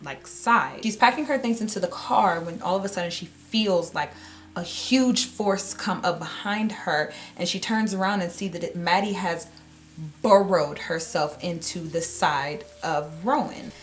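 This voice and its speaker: A woman vlogger casually retelling a book plot, chatty and animated with slangy asides and lots of fillers. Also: fairly low pitch, measured pace, slight background noise.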